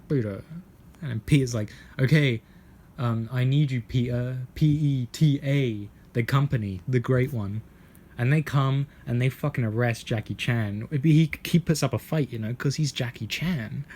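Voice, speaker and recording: A man's voice: mid-range voice, darkish tone, a little hiss or hum. A young British man rambling through a jokey, meandering monologue outdoors in a garden, swearing a lot and slipping into silly voices. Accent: British English. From Britain. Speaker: vlogger.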